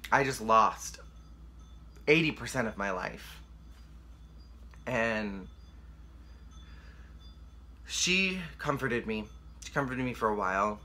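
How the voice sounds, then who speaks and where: A man's voice: medium pitch, bright, forceful tone, a little hiss or hum. A young man candidly telling a painful personal story to the camera, emotional and rambling, with lots of "like.". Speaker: vlogger.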